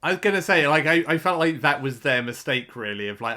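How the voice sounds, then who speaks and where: A man's voice: on the high side, lively intonation, fairly quick, few pauses, bright, forceful tone. A man co-hosting a podcast, reacting in loose, rambling casual chat full of fillers. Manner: rambling, lots of fillers like "like" and "yeah". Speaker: podcast co-host.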